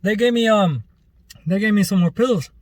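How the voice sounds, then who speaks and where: A man's voice: sits high, normal speed, no echo. A man vlogger telling a rambling, loose story in casual chat, with plenty of fillers and some swearing.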